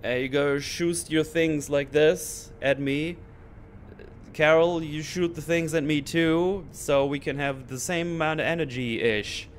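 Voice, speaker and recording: A man's voice: fairly high pitch, a little slow, slight background noise. A man hosting his channel, ranting in a casual, sarcastic way with mocking asides. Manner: animated, sarcastic, mocking voices. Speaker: channel host.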